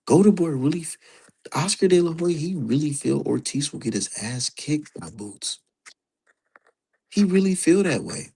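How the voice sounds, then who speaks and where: A man's voice: fairly high pitch, normal speed, vocal fry, slightly rough, rough recording. A man streaming live, giving casual, profane commentary and talking straight to his chat. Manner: profane, animated, talks to chat.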